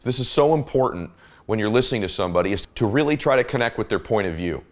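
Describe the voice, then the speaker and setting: A man's voice: lowish voice, expressive, fast talker. A middle-aged man hosting a motivational talk, coaching listeners in an emphatic, repetitive cadence. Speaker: host.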